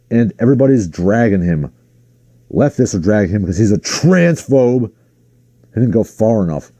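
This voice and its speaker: A man hosting his own livestream, ranting in casual commentary with a sarcastic, exasperated edge. His voice is lowish and very dark and mellow. The sound is dry and close, with no room around it. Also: big pitch swings, moderate pace, no room sound. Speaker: livestream host.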